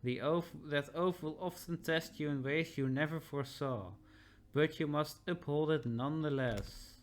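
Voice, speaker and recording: A man voicing a stern, burdened army captain in a video game, speaking in a measured, grave and authoritative way. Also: on the high side, natural voice.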